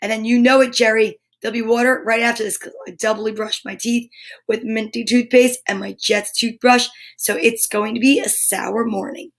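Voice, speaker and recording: Woman, kids' show host, live stream chat, bubbly, exclaiming, a bit high-pitched. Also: fairly even intonation, moderate pace. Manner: bubbly, exclaiming, playful asides.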